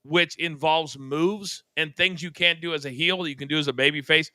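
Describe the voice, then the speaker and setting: A man co-hosting a casual wrestling talk show, excitable, laughing easily and acting out scenes as he talks. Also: on the high side, normal speed, dry recording. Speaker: podcast co-host.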